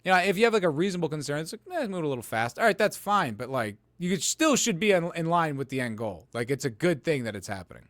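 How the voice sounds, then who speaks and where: With no echo, a male podcast host speaks at medium pitch in a fairly bright tone. He reads viewer chat comments aloud and answers them while rambling through casual political commentary, leaning heavily on "like" and "you know."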